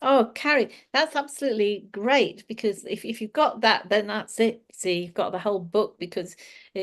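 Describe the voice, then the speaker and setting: A woman giving a casual, reflective spiritual talk, laughing often as she explains. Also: fairly high pitch. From England. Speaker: spiritual teacher.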